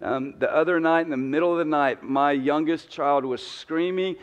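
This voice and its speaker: A man's voice: a little high, normal speed, in a large hall, muffled recording. A man, preaching a humorous sermon with joking, conversational storytelling. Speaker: pastor. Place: church sanctuary.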